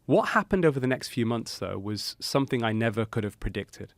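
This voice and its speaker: A middle-aged man, a cardiologist guest on a podcast, tells a story in an animated way, with many "you know" fillers. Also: medium pitch, a little fast, dry recording.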